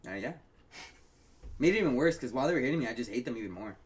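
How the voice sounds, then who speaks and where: A man's voice: medium pitch, rapid-fire. A young man co-hosting a podcast in casual chat, telling stories animatedly and swearing freely. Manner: animated storytelling, frequent swearing. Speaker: podcast co-host.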